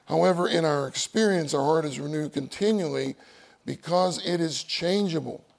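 A man's voice: fairly high pitch, moderate pace, vocal fry. A man preaching a sermon, reading outline points aloud and repeating key phrases for emphasis.

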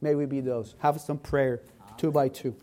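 A man's voice: mid-range voice, steady tone, normal speed, mellow. A man preaching a sermon in an earnest, emphatic way, building his points through repeated phrases.

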